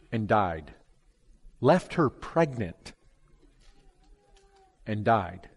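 A man preaching a sermon with fervor, swinging from hushed pleading to loud, impassioned calls. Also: mid-range voice. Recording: long hall reverb.

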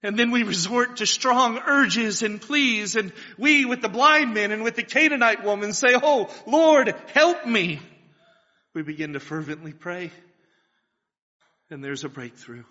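High bright-voiced preacher in a big hall. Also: male voice, moderate pace. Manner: earnest, rising to fervent pleas, with rhetorical questions. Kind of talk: sermon. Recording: dull lo-fi sound with long hall reverb.

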